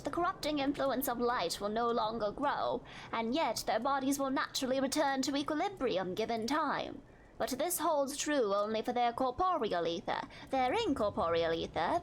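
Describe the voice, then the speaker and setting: A woman voicing a grave, scholarly woman researcher of the soul, speaking in measured, formal, old-fashioned phrasing over game music. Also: on the high side, slight background noise, natural voice. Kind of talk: reading game dialogue aloud.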